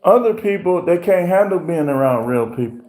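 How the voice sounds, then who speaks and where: A man hosting a livestream, telling stories in a profane, animated rant with voiced impressions. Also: high voice, normal speed. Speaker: livestream host. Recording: roomy echo.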